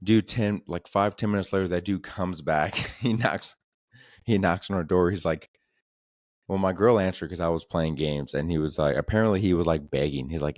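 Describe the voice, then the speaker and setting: Deep-voiced young man telling stories. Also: moderate pace, no echo, studio quality. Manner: laid-back, profane, says "dude" constantly. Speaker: podcast host. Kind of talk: casual comedic storytelling.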